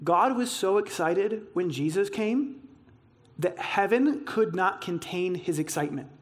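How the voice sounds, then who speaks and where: A man preaching a sermon, telling stories with excitement and acting out the dialogue. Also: sits high, a little slow. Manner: excitable storytelling, acts out dialogue. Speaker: pastor.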